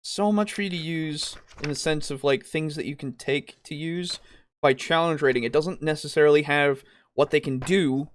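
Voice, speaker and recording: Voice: medium pitch, normal speed, a little hiss or hum. A podcast co-host in a casual discussion, ranting with exasperation and frequent swearing, reading out comments and quotes as they go. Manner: reads comments and quotes aloud.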